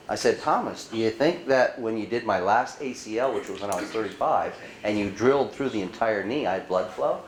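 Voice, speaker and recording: An animated man with a lowish voice gives a conference presentation to a live audience in a roomy conference hall. He tells stories, acting out dialogue and asking the audience rhetorical questions. There's slight background noise.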